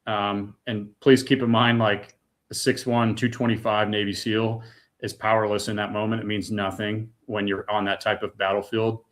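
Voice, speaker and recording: A middle-aged man with a fairly low voice tells his own story as a podcast guest. He speaks earnestly and with deep feeling, dropping casual asides like "dude" and "man". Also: level tone, moderate pace. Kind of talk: personal testimony in a podcast interview.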